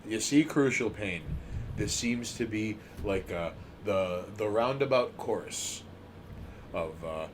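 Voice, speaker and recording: A man's voice: on the low side, expressive, slow pace. A man hosting a casual podcast, riffing in a drawling, mock-grandiose way and teasing his listeners. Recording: noisy background.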